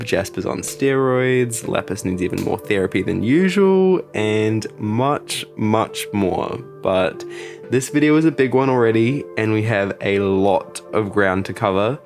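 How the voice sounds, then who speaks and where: A man hosting his art channel, chatting to camera in a playful, jokey and dramatic way. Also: lowish voice. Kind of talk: casual chat to camera.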